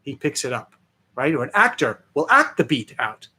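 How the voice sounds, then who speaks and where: A man, a film director, chatting as a guest and telling lively anecdotes with many fillers. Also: fairly high pitch, normal speed, husky. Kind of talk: interview storytelling.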